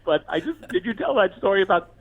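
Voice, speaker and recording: A man's voice: high-pitched, big pitch swings, quick pace. A man calling in to a podcast, talking in a hesitant, rambling way. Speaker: caller. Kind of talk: casual phone-in chat. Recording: dull phone-in audio.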